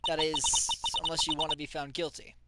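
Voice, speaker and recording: A man voicing a calm, confident female lawyer with a soft, dry teasing manner, over loud game music. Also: on the high side, fairly quick, very noisy, pitched below the performer's own voice, close to an everyday voice.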